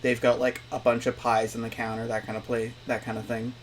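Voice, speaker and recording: A young man narrating a tabletop role-playing game as game master, in a relaxed, chatty way. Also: medium pitch, brisk, crowd noise.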